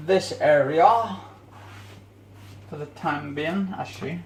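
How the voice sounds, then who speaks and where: A man's voice: a little high, takes it slowly, creaky, pauses often, echoey room, a little hiss or hum. A man vlogging in a casual, rambling way while he cleans his home kitchen, often searching for words.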